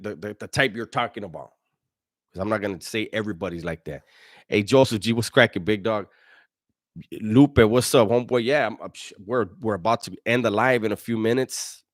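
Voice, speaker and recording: This middle-aged man has a lowish voice and hosts a live stream, reading chat messages and answering them in blunt, profane street slang while often restarting his sentences. The studio-quality audio has no room sound.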